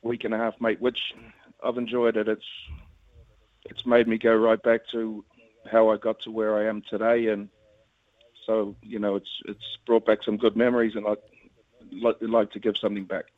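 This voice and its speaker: A man's voice: lowish voice, little pitch movement, moderate pace, long pauses, dry recording. A man in his fifties with a New Zealand accent talks in a loose, rambling way with an easy chuckle. He sounds boxed in and tinny, like a phone call, with no room sound around him. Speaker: rugby league club chief, phone guest. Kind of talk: casual phone interview.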